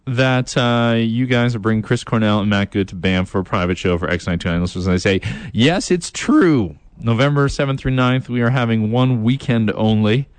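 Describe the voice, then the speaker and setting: A man's voice: mid-range voice, fairly quick, no echo. A male radio DJ talking in a chatty, rambling way, with fillers and repeats, from a radio studio on a close mic. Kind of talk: upbeat radio DJ patter.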